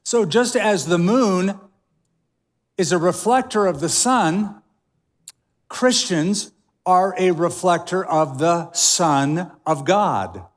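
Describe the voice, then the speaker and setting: A man preaching a sermon as pastor, emphatic, with dramatic pauses, in a large church auditorium. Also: sits high. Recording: long hall reverb.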